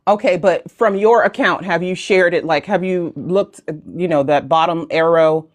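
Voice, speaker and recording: A woman's voice: on the low side, moderate pace. An American woman in her forties who moderates a live online town hall, joking and rambling casually as she talks. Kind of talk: casual livestream chat. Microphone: video call.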